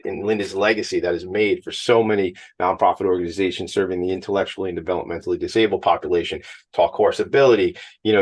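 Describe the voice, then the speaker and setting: Upbeat male radio host, lowish voice, rapid-fire and effusive. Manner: enthusiastic, effusive, rapid talker. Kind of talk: casual radio interview. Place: on location at a high school.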